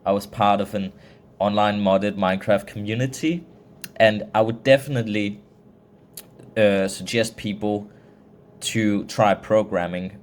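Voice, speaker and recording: Slow-talking Danish man, British-Australian accent. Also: lowish voice. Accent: mixed British-Australian English. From Denmark. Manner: slow, rambling, frequent restarts and hesitations. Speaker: vlogger. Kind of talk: casual monologue to camera.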